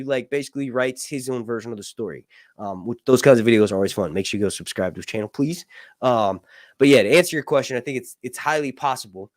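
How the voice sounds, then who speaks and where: A man's voice: medium pitch, no room sound, studio quality. A man hosting a casual livestream discussion, rambling and talkative, with lots of fillers and restarts. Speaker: podcast host.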